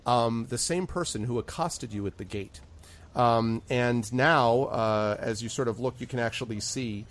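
A male game master narrates a tabletop scene on a stream. He hesitates often and fills his pauses with ums. His pitch is mid-range. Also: slight background noise. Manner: hesitant, many fillers.

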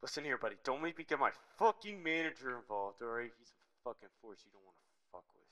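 A podcast co-host putting on a rude, impatient fast-food cashier who swings from mock-formal politeness to cursing. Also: male voice, mid-range voice, sing-song, a bit bright. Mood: exasperated.

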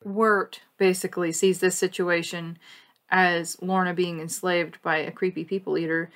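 A woman's voice: on the low side, normal speed. A woman co-hosting a podcast, chatting casually and animatedly about a cartoon with frequent laughs. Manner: animated, laughs often, conversational. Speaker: podcast co-host.

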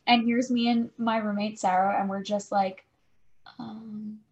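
Young female podcast co-host, casual storyteller, heavy "like" filler, medium pitch. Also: flat delivery, a little slow, dull audio. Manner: chatty, fills speech with "like".

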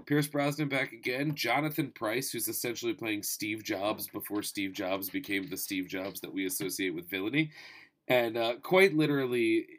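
Animated man in his thirties reviewing films. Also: fairly low pitch, moderate pace, a little hiss or hum. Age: 30s. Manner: animated, profane, wry asides. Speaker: movie reviewer. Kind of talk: casual spoken movie review.

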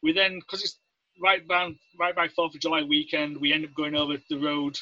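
High-voiced English man, animated storyteller. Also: fairly quick, dry recording. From Leeds, England. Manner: animated, acts out quoted voices. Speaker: guest, Navy veteran. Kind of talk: casual interview storytelling. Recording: dry, dull lo-fi sound.

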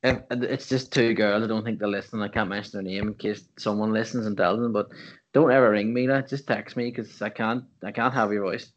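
A man's voice: lowish voice, steady tone, brisk, few pauses, slight background noise. Joking man on a muffled mic. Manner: joking, exaggerated complaints. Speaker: podcast co-host. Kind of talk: casual football chat.

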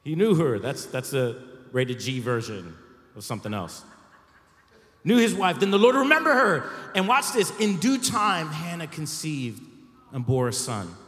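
A male pastor preaching a sermon, animated and lively, breaking into shouts and playful asides to the congregation. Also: on the high side, a little slow. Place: church sanctuary. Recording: echoey hall with long reverb.

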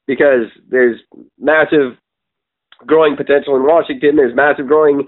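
A Canadian man in casual podcast chat, blunt and full of swearing, often pausing on ums as he rambles. His voice sits in a middle range and comes through thin and tinny, like a phone line. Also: medium pitch, fairly even intonation. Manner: opinionated, profane, rambling with many ums. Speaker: podcast co-host.

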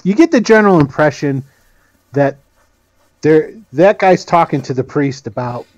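A man's voice: a little high, animated, moderate pace, a little mellow, dull audio. A man narrating as game master in a tabletop game, rambling with many fillers.

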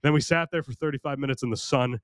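A young American man hosts a solo podcast, rambling, crude and self-mocking, often restarting his sentences, his voice strained and worn from recording. He talks fast at a medium pitch with a clean tone. The sound is studio quality with no room sound.

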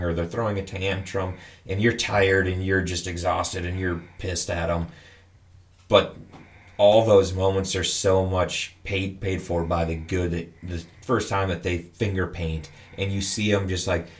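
A man, a new father, chatting casually and telling stories animatedly, swearing now and then. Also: low-pitched. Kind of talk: casual chat, storytelling.

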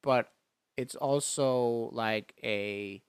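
Man chatting, retells the movie scenes, does little voices, laughs a lot, very clear voice. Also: mid-range voice, drawn-out words, no room sound, clean studio sound. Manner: animated retelling, acts out lines, laughs often. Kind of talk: casual chat recapping a movie.

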